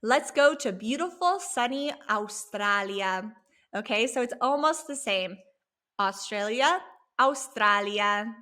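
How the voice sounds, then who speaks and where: Bright, slow-talking woman teaching Spanish. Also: fairly high pitch, expressive. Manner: slow, encouraging, models words for repetition. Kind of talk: language lesson.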